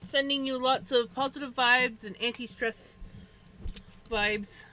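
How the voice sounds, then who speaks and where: A woman streamer chatting casually while crafting, talking to her cats and telling animated stories about them. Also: on the high side, a little slow, a little hiss or hum, low-quality recording. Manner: animated storytelling with playful voiced asides.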